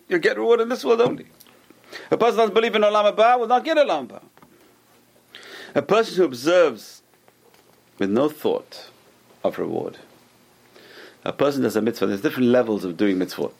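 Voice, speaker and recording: Speaking briskly in a high-sitting voice, a man leads a Torah class broken up by long pauses. He brings his stories to life by acting out the characters, and he keeps circling back to repeat and restart his phrases.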